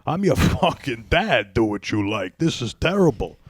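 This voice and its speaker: A man's voice: lowish voice, moderate pace, no room sound, close to an everyday voice. A man voicing a brash, foul-mouthed blue-collar dad who rants with no filter, in an Italian-American accent. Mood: outraged. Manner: loud, ranting, no filter.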